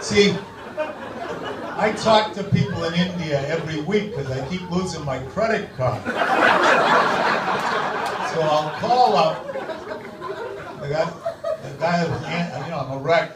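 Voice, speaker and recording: A male stand-up comedian, brash and profane, swinging between muttering asides and shouted lines in a comedy club. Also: a little high, measured pace, pauses often. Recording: distant echoey club recording with loud crowd.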